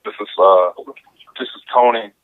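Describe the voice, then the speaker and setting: A man's voice: fairly low pitch, normal speed, no echo. A man from the Chicago area calling into a radio show, trash-talking and making crude threats over the phone. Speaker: caller. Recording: phone-line caller.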